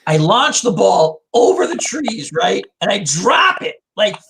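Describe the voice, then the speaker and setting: Male host, somewhat high-pitched, loose and self-deprecating anecdotes, light background noise. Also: sing-song, unhurried, creaky, fairly bright tone. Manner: rambling storyteller, self-deprecating. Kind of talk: casual chat.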